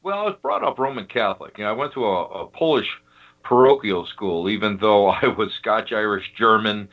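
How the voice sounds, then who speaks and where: A man's voice: on the low side, lively intonation, fairly quick. A man from Western New York, a guest telling a funny story on a podcast, laughing as he goes. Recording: dull lo-fi audio.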